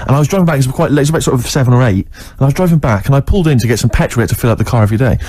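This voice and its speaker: A man's voice: mid-range voice, very fast, mellow. A man co-hosting a radio show, telling a long rambling anecdote in casual banter and laughing often, into a studio microphone. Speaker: radio co-host telling a story.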